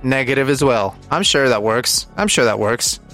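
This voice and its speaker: A man's voice: mid-range voice, expressive, moderate pace, a bit bright, faint music behind. A man co-hosting a comedy podcast, rambling through crude jokes and silly schemes in casual banter. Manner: joking, rambling, profane. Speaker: podcast co-host.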